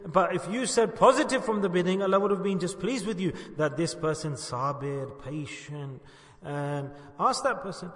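Male preacher, higher-pitched voice, earnest storytelling sermon, recorded in a reverberant hall. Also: normal speed, fairly bright tone. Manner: earnest, storytelling, asks rhetorical questions. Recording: echoey hall with long reverb.

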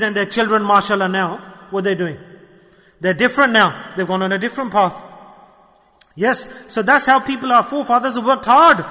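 Brief: impassioned male preacher, high bright voice, hall reverb. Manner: impassioned, acts out excuses in mocking voices. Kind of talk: sermon.

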